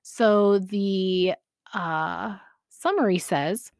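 A woman's voice: medium pitch, drawn-out words, a little mellow, no room sound, clean studio sound. A woman hosting a podcast, chatting casually with frequent laughs and fillers. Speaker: podcast host. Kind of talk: casual chat about fan fiction.

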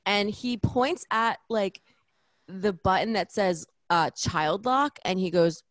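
A woman co-hosting a podcast, telling a story in a lively, casual way and mimicking the people in it. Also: mid-range voice, slow, no room sound, studio quality. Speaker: podcast co-host. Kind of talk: casual chat.

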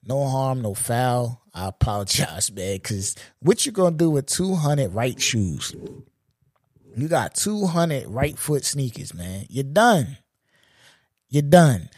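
A man in his forties hosting a solo podcast, ranting in a loose, profane, animated way and laughing at his own jokes. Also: mid-range voice, slow, no room sound, clean studio sound. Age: 40s. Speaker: podcast host. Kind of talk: solo comedic podcast rant.

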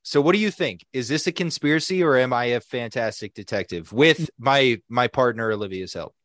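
A young adult man co-hosting a podcast, telling a story in a casual, animated way, swearing freely and acting out what other people said. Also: medium pitch, a little fast, dry recording, clean studio sound. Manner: animated, profane, acts out quoted people. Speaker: podcast co-host.

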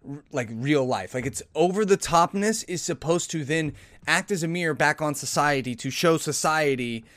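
A man's voice: on the high side, moderate pace, fairly bright tone, dry recording. A man hosting a podcast, casually commenting on satirical headlines in a rambling, sarcastic way with frequent restarts. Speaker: podcast host.

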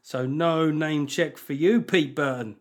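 A man hosts a podcast in a loose, rambling way. He swears freely and mocks himself. His voice sits fairly high for a man. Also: a little slow. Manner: profane, self-mocking, rambling. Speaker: podcast host. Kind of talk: casual chat.

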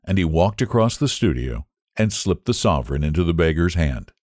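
Brief: male audiobook narrator, low and lively in pitch, dry close mic. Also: no room sound. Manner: measured, expressive storytelling.

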